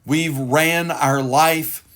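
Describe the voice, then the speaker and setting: A man's voice: a little high, fairly even intonation, extremely slow, a bit bright. A man, a pastor hosting a broadcast, preaching in an earnest, repetitive way. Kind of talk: devotional broadcast sermon.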